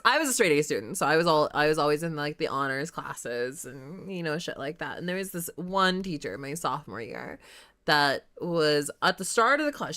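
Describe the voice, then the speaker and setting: A young woman streamer chatting casually, swearing freely and reacting with energy. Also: sits low. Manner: swears a lot, lively reactions. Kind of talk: casual chat.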